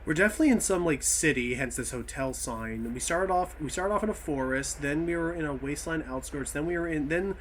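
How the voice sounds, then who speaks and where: A man's voice: fairly high pitch, animated, a little fast, few pauses, slight background noise. A young man giving casual gameplay commentary, explaining puzzles in a rambling, self-correcting way. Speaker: game commentary player.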